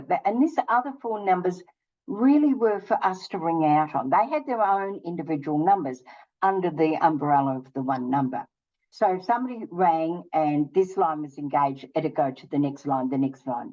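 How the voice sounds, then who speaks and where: An older woman on her own channel casually tells a personal story, taking both roles in every conversation. She speaks at a moderate pace in a fairly low, expressive, mellow voice, captured on a muffled recording.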